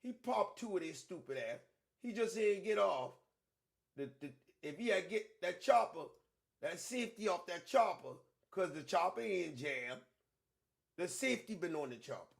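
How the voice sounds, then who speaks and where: A man with a somewhat high, gravelly voice hosts a casual livestream. He talks emphatically and profanely and circles back to repeat his points. He drops to low mutters, then rises to loud outbursts. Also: animated, moderate pace. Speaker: online show host.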